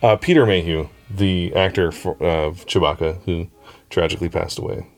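A man's voice: low-pitched, normal speed. A man hosting a casual family podcast, telling goofy jokes and talking about editing the episodes. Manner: goofy, tells groan-worthy jokes. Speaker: podcast host and editor.

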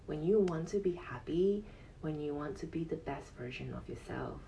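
A male yoga teacher hosting his own podcast, giving an earnest motivational monologue in a high, soft, soothing voice and repeating phrases for emphasis. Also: animated, normal speed, creaky, distant mic, lo-fi sound, a little hiss or hum. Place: casual home podcast setup.

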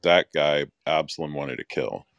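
A man with an extremely deep, low voice talks through a scripture story in casual chat. He explains patiently and leans on little fillers as he goes. The sound is close and dry, with no room in it. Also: normal speed, vocal fry, fairly bright tone, dry recording, muffled recording. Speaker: podcast co-host.

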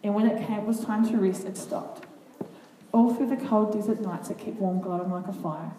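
A woman reading a children's Bible story aloud to a group, with earnest, expressive comments between passages. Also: mid-range voice, fairly quick. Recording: echoey room, far from the mic, faint noise.

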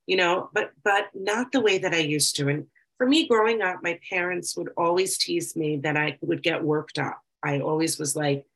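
A woman speaking reflectively about her own experience, reading passages aloud slowly and then talking freely. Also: deep voice, gravelly, fairly bright tone, husky, poor audio. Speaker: speaker sharing recovery experience. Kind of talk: personal talk with reading aloud.

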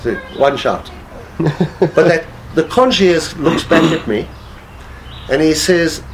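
A man with a fairly high voice that swoops up and down as he spins a story, chuckling between lines. He talks casually as a guest. Faint noise hums behind him. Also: slow, pauses often, low-quality recording. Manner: animated storyteller, laughs while talking. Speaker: guest telling stories. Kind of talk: casual anecdote telling.

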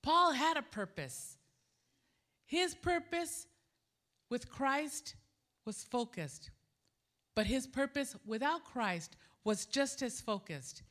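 A middle-aged woman preaching a sermon, telling a personal story and acting out the dialogue in an animated way. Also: slow pace, pauses often. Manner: animated, acts out quoted dialogue with jumps in pitch. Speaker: preacher at a women's gathering.

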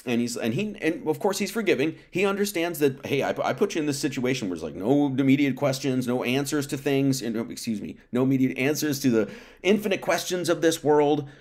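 A man's voice: medium pitch, lively intonation, brisk, darkish tone. Conversational man preaching a sermon. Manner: conversational, acts out quotes, many restarts. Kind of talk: informal sermon with scripture reading.

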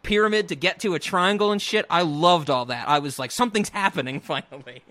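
A man's voice: high voice, expressive, fairly quick, sharp tone, dry recording. A man co-hosting a podcast, chatting casually and animatedly about a movie, laughing and mimicking lines. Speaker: podcast co-host. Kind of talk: casual movie review chat.

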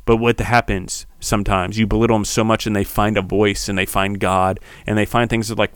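A man hosting a podcast, delivering a heated, preachy solo monologue that swears and builds to shouting. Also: lowish voice, little pitch movement, brisk, hardly any pauses, smooth, no room sound. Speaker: podcast host.

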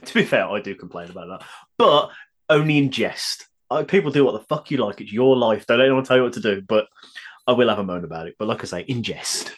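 A man's voice: mid-range voice, animated, fast talker. A man co-hosting a podcast, joking in an easygoing way and swearing casually. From England. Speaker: podcast co-host. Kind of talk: casual comedic chat.

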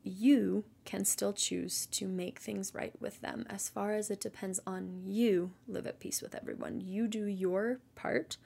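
A woman with a slightly gravelly, husky voice speaks at a middling pitch. She gives a casual devotional talk as a Christian mother. Her delivery is earnest and gentle, and she often sinks into a soft near-whisper. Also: fairly even intonation, measured pace, hardly any pauses.

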